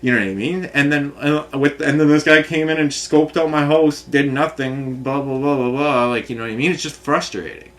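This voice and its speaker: A man's voice: fairly high pitch, steady tone, fairly quick, hardly any pauses, a bit bright. Frustrated man ranting in run-on stories. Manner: frustrated, run-on storytelling full of filler phrases. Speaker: vlogger. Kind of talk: rambling personal rant to camera.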